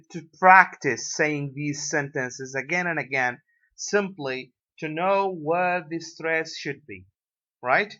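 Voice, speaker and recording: A university English lecturer from Iraq, whose first language is Arabic, gives a recorded lecture in a bright, fairly high voice with an Iraqi Arabic accent. He speaks very slowly and haltingly, hesitating often with many fillers and tag questions like "right?". The recording is dull and lo-fi, with a little hiss or hum.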